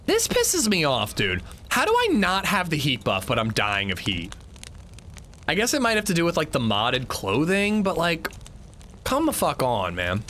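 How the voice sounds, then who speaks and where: A male streamer chats with his viewers as he plays, his voice lively and swinging up and down. His tone is bright and forward. Faint game sounds sit behind him. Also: a little high, moderate pace, a little hiss or hum. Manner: chatty, answers chat, swears when annoyed. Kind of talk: casual livestream chat while gaming.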